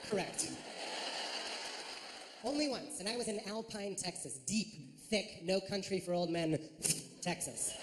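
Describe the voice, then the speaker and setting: A man performing a stand-up routine on a club stage, telling a story with big swings in his voice. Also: sits high. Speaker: stand-up comedian. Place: comedy club stage before a live audience. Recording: reverberant club hall with audience noise.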